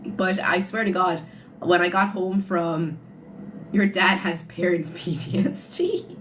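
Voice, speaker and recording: Speaking slowly in a fairly low, fairly bright voice with a steady tone, a young livestreamer tells her live chat a story on her phone. She laughs often, keeps it casual and animated, and ends many sentences with "like," with slight background noise behind her.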